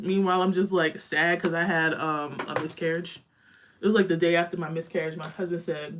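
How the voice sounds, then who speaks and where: A woman's voice: on the low side, steady tone, fast talker. A young woman chatting candidly during a live makeup stream at home, talking while she applies eyeshadow. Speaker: beauty vlogger. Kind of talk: casual live makeup chat.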